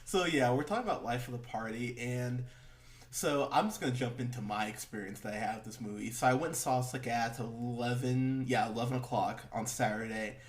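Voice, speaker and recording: A man's voice: mid-range voice, a little fast. A man hosting a casual movie review podcast, rambling with lots of fillers, laughing and swearing as he talks. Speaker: podcast host.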